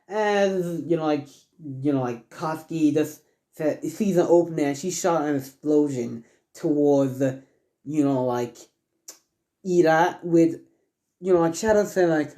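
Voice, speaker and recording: A man's voice: fairly high pitch, moderate pace, mellow. A man casually narrating a fan story, rambling and stumbling with lots of fillers.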